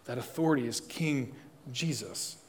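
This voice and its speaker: A man's voice: medium pitch, normal speed, breathy edge. Man preaching in a reverberant hall. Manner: swings from loud emphatic preaching to soft, hushed appeals; asks the listeners direct questions. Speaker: pastor. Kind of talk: sermon. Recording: long reverb of a large hall.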